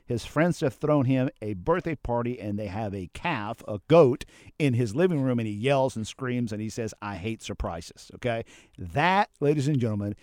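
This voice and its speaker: A man hosting a casual talk about personality types, acting out quoted lines in an animated way. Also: no echo, clean studio sound. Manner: animated, acts out quotes with sudden pitch jumps. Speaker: host.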